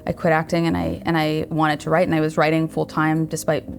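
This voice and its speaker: A woman in her thirties with a notably deep voice answers interview questions earnestly. She thinks aloud and often restarts her sentences. Her tone stays reflective and sincere. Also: monotone, a little fast, faint music behind. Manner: earnest and thoughtful, with frequent restarts. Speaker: guest, writer and showrunner.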